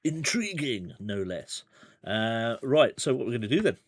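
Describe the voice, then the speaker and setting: Here the gamebook streamer has a mid-range, sing-song voice and keeps a measured pace. It's a casual livestream playthrough, rambling and chatty, with quips and little laughs.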